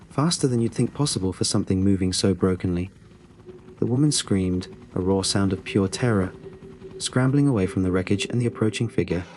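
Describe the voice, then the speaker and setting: A man's voice: fairly low pitch, a little mellow, slight background noise. A man narrating a scripted first-person horror story in a tense, suspenseful way.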